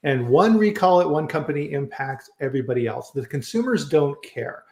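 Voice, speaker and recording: A man runs a live online food safety chat from home in Colorado, speaking casually and meandering with fillers and false starts. His slightly high voice has lively intonation, a moderate pace, and a little mellowness. A roomy echo colors the audio.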